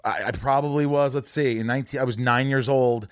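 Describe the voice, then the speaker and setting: A man's voice: medium pitch, steady tone, a little fast, clear, resonant tone, no room sound, studio quality. A man hosting a casual chat, asking blunt joking questions and swearing freely.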